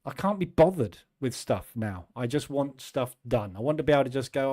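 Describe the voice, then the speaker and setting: A man in his fifties hosting a trading channel, talking in a chatty, self-deprecating way and acting out his own quick asides. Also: mid-range voice, big pitch swings, a little mellow. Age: 50s. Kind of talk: casual chat.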